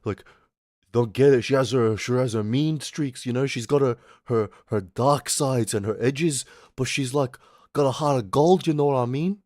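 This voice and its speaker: A man's voice: mid-range voice, moderate pace, a little mellow, dry recording, studio quality, natural voice. A man doing a lovesick young Kiwi bro. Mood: earnest.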